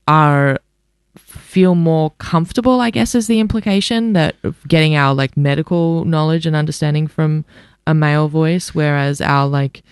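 A woman's voice: low-pitched, a little mellow, clean tone, no room sound, studio quality. A woman co-hosting breakfast radio, speaking candidly with many fillers in casual chat. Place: radio studio.

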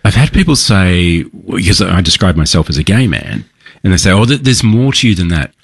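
A man's voice: deep voice, big pitch swings, a little fast, vocal fry, slightly rough. A man hosting a casual interview, chatty and encouraging with his guest. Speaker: podcast host.

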